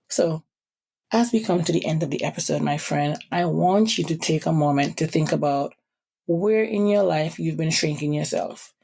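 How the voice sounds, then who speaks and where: A young Caribbean woman hosts her podcast in a low, gravelly voice. Her island accent comes through strongly, and she talks quickly, giving encouragement with frequent asides. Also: a little mellow. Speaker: podcast host. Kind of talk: motivational podcast monologue.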